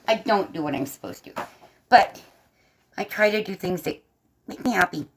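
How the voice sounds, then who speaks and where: Propped up in bed, this artist and streamer colors while talking easily with her viewers in a faint Southern American accent. Her mid-range voice carries vocal fry and a breathy edge at a moderate pace, and she frequently laughs and replies to chat.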